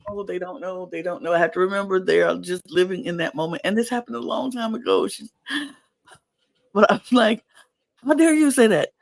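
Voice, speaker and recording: Male podcast co-host, higher voice with gravelly fry, dry close sound, excitable and gushing. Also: moderate pace, no room sound. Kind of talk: casual reality TV recap chat.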